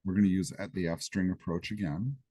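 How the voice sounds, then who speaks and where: A Greek programming instructor leads a live class with a coding demo from a classroom or office, chatty and casual, dropping asides as he goes. His low, husky voice has a warm tone and a steady delivery at a fairly quick pace, with no echo.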